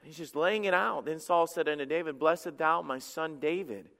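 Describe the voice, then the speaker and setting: Male pastor, high pitched, animated sermon delivery with stumbling restarts, big echoing sanctuary. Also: normal speed, creaky. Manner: animated preaching with acted quotes and repeated stammered restarts.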